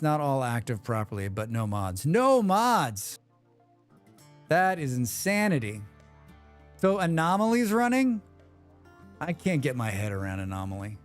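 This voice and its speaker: A man hosting a live game stream, chatting quickly with viewers and thinking aloud as he plays. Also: fairly high pitch, darkish tone. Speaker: livestream game host. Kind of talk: casual live gameplay commentary.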